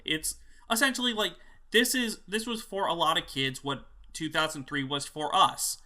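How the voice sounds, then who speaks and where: A man co-hosting a casual review chat, relaxed and talking with lots of fillers. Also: fairly high pitch, moderate pace. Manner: relaxed, chatty, filler-heavy. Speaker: co-host.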